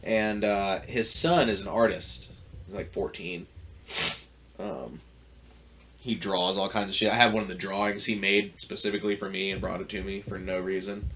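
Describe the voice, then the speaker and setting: A man's voice: low-pitched, steady tone, normal speed, sharp tone. A man hosting a podcast, telling a long story in a casual, profane, rambling way with lots of fillers. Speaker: podcast host.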